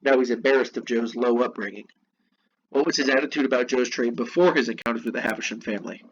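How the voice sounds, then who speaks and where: A man's voice: mid-range voice, fast talker. Guy going over class notes, chill and chatty, muffled lo-fi sound with a bit of hiss. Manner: casual, chatty asides. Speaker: teacher. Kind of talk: reading notes and explaining a novel. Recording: dull lo-fi recording with faint noise.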